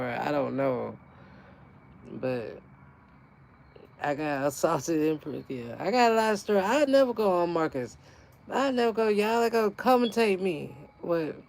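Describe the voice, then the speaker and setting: Just chatting with viewers, this gardening channel host goes live unscripted, talking in a lowish voice with vocal fry. She laughs again and again, and her offhand, animated talk is frank and packed with swearing.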